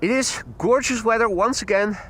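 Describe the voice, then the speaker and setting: A man's voice: sits high, moderate pace, fairly bright tone. A man, chatting casually as host of a live plane spotting stream, greeting viewers by name, his nose a little stuffy, on a clip-on mic outdoors. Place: outdoors at an airport. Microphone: wireless clip-on mic on his t-shirt.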